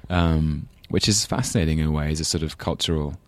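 A man's voice: extremely low pitch, fairly even intonation, a little fast, slight background noise. An English man with a London accent, chatting thoughtfully as an interview guest, self-deprecating with many restarts. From England. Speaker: guest, actor. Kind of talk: casual interview chat.

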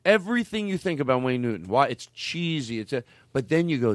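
A man's voice: medium pitch, very animated, a little fast, no echo. A man hosting a comedy podcast in loose, riffing chat, laughing often and trailing off mid-thought. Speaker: podcast host.

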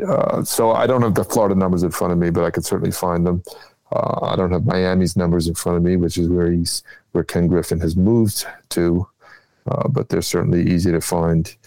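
A man, a guest political strategist, talking in a measured, explanatory way with many ums and uhs. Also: low voice, flat delivery, dark tone, dry recording, rough recording. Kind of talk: casual political chat.

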